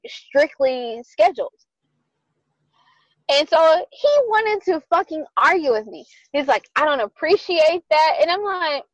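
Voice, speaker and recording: A young adult woman co-hosting a podcast, telling a dating story in casual chat, animated and profane, acting out both sides. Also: high voice, no room sound, rough recording. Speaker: podcast co-host.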